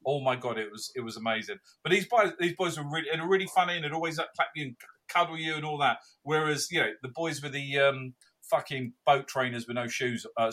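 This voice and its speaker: A man co-hosting a football podcast, telling stories in a sweary, animated way. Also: medium pitch. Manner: sweary, animated storytelling with mocking posh voices. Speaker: podcast co-host. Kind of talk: casual football chat.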